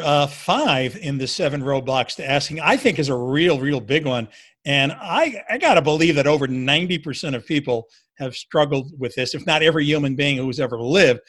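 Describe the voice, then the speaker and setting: A man's voice: fairly high pitch, fairly bright tone. A man leading an interview conversation, enthusiastic and affirming as he moves through the questions.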